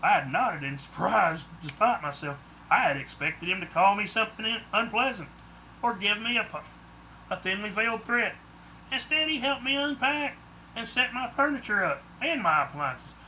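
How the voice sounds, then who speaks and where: A man's voice: high-pitched, expressive, moderate pace, sharp tone, a little hiss or hum. A man narrating his own book in the first person, plain audiobook storytelling.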